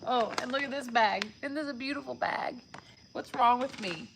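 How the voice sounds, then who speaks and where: A woman opens viewer gifts while chatting casually on a live stream, often getting emotional and close to tears. Her voice sits high and gravelly at a moderate pace. Loud background noise and crinkling fill the recording.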